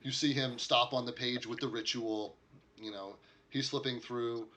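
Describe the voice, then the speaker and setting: Guy running a tabletop game, rambly with tons of um and like, really bright voice. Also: medium pitch, steady tone, normal speed. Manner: rambling, lots of fillers. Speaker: game master. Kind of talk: casual game narration.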